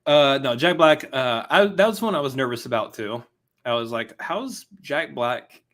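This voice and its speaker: A man co-hosting a casual podcast chat, animated and jokey, prone to goofy asides. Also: mid-range voice, normal speed. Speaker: podcast co-host.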